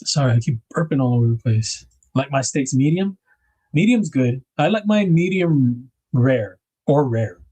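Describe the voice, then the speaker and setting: A man's voice: mid-range voice, expressive, normal speed, mellow, husky. A man hosting a casual livestream, chatting to viewers, reading their comments aloud and laughing often. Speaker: livestream host.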